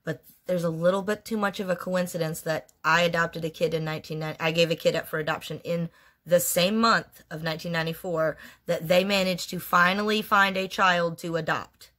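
Blunt, profane woman with a lowish voice. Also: steady tone, a little fast, fairly bright tone. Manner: blunt, profane, emotionally raw storytelling. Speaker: vlogger telling her life story. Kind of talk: candid storytime monologue.

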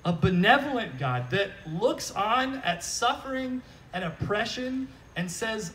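Speaking a little slowly in a high voice, a man preaches at an outdoor church service, captured from some way off the mic. The pastor jokes and stays animated and conversational, often tossing in "right?"

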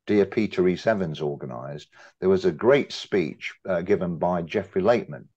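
A very deep-voiced older man makes his point from the audience, animated and emphatic as he builds up to a long question. The audio is dull and muffled, with a lo-fi feel. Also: normal speed, slightly rough. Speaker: audience member asking a question. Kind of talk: discussion after a talk.

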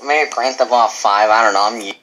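A man's voice: on the low side, a little fast, noisy background. A man with a nasal voice rambling hesitantly in a casual video, full of ums and trailing thoughts. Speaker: small YouTuber in a played clip.

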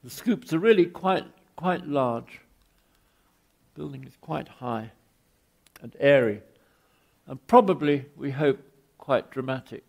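A man's voice: medium pitch, animated, takes it slowly, vocal fry, long pauses, darkish tone. An older English man giving an anecdotal architecture lecture, wry and rambling, often restarting his phrases. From England.

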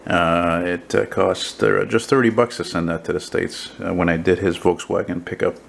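A man with a deep, gravelly voice rambles casually to a handheld camera, full of fillers and restarts. His voice sits very low, and faint hiss and room ambience run underneath. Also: steady tone, moderate pace, poor audio. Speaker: painter vlogger. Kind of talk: casual handheld vlog chat. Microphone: handheld camera mic.

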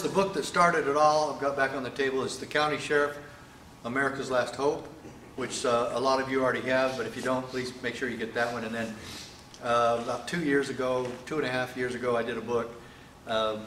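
A man giving an emphatic political speech to an audience at an event, pausing for rhetorical questions. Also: mid-range voice, fairly even intonation, fairly bright tone, far from the mic, a little hiss or hum. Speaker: speaker at a sheriffs' event. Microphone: microphone, sometimes stepping away. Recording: echoey hall.

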